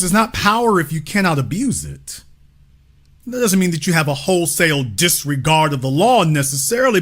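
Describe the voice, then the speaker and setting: An American man delivers an impassioned talk to an audience as a commentator in a cultural discussion. He's emphatic and preacher-like, repeating lines for effect and firing off rhetorical questions. His voice is high-pitched, pushed and bright.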